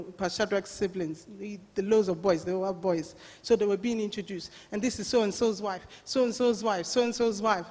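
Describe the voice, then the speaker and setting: A woman pastor preaching a sermon, telling a story with lots of laughter and animated voices. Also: mid-range voice. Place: church. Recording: reverberant church hall.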